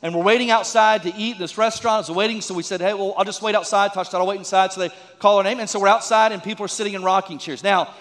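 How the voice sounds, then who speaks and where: High-voiced pastor preaching in echoing hall. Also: male voice, fairly even intonation, racing, few pauses, fairly bright tone. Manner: folksy, joking asides with audience prompts. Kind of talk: sermon.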